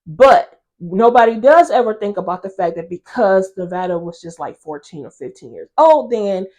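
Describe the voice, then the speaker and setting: A woman's voice: mid-range voice, normal speed. Chatty woman host recapping a drama. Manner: chatty and expressive, acts out the characters' quarrels. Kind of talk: casual episode recap.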